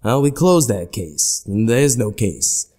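A man voicing a gruff, impatient police captain who talks bluntly and demandingly. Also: medium pitch, big pitch swings, takes it slowly, mellow, soft background music, exaggerated voice. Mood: pressing. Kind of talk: horror story narration voice acting.

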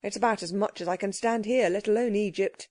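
A woman's voice: mid-range voice, fairly quick, a little mellow, no room sound, close to an everyday voice. A woman voicing a boy who speaks curtly and grumpily. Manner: curt, grumpy. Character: boy Cyril, curt and sulky.

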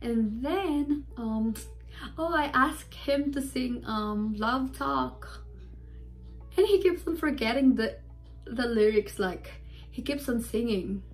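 A young woman telling a rambling, excitable story to her camera as a fan vlogger. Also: on the high side, slow pace, soft background music. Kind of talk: casual storytime chat.

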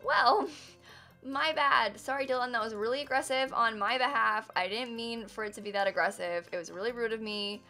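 A woman's voice: a little high, normal speed, bright, forceful tone, soft background music. A woman live-streaming a building game, chatting casually with her viewers, giggling and teasing herself as she works. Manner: chatty, giggly, self-mocking, talks to chat.

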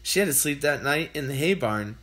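Animated storybook reader. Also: mid-range voice, fairly quick. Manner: expressive, animated. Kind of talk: reading a children's book aloud.

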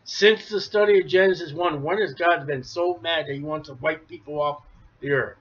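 A man preaching a sermon, emphatic, rising to near shouts then dropping low. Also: moderate pace. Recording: dull lo-fi recording.

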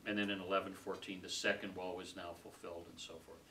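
A man leading a casual Bible study group, talking conversationally, laughing easily and trailing off softly. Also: deep voice, level tone, fast. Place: small room with a group. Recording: distant mic with faint room noise.

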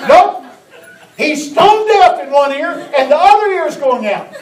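A preacher voicing an exasperated grown daughter complaining about her stubborn old father, in a loud, scolding, raised voice. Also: lively intonation, measured pace. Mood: blunt. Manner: loud, scolding, higher-pitched. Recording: echoey church from far off.

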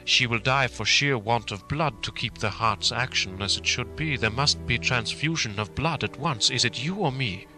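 A man voicing an elderly professor who speaks gravely and urgently in a measured, commanding way, over faint music. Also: medium pitch, sharp tone.

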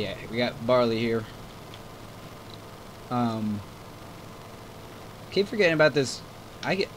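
Casual male gaming host, chatty and rambling, jokes at himself, faint tractor game hum under the voice. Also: medium pitch. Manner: rambling, self-deprecating, chatty. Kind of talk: casual gameplay commentary. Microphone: desk microphone. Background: farm game engine sounds.

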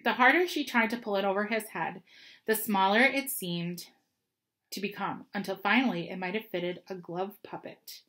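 A woman reads a storybook chapter aloud, steady and expressive. Her voice sits in a middle range for a woman. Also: medium pitch, moderate pace. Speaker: reader. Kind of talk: storybook reading.

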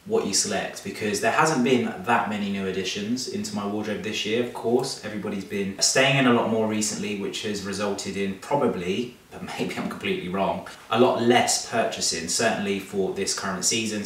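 A man's voice: fairly low pitch, fairly even intonation, fairly quick, hardly any pauses, heavy reverb, recorded from a distance, slight background noise. A man hosting a casual chat to camera at home, joking and laughing often. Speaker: vlog host. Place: home room.

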